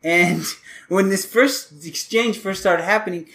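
A man with a slightly high voice hosts a casual podcast and explains things as he goes. He rambles in a chatty way, restarts his sentences often and keeps a loose, talky flow. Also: measured pace, vocal fry, a bit bright. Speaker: podcast host.

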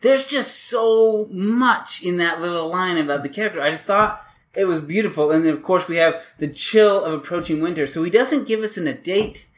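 A man with a slightly high voice hosts a casual podcast and explains things as he goes. He rambles in a chatty way, restarts his sentences often and keeps a loose, talky flow. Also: moderate pace. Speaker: podcast host.

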